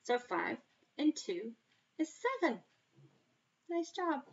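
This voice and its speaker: A woman teaching a kindergarten math lesson on video, talking slowly and encouragingly to young children in a sing-song, playful way. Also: a little high, big pitch swings, vocal fry, slightly rough, lo-fi sound. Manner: playful mock surprise, sometimes dropping to a whisper.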